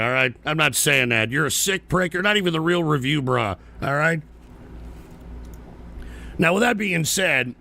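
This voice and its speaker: A man's voice: on the high side, vocal fry, fairly bright tone. A man hosting a live-stream show, ranting in casual, profane and combative commentary and mocking viewers who send messages. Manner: talks back to viewer messages.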